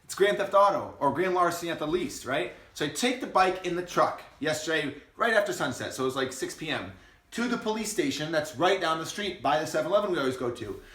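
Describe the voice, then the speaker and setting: A young man telling a story casually to the camera, animated and profane, then explaining his insurance business. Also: fairly high pitch, fast. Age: young adult. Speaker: vlogger and insurance agency owner. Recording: roomy echo.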